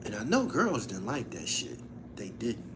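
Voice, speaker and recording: A man's voice: on the low side, wildly swooping pitch, normal speed, background noise. A man hosting his own channel, chatting casually and profanely, laughing often as he tells stories. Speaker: channel host. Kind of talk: casual livestream chat.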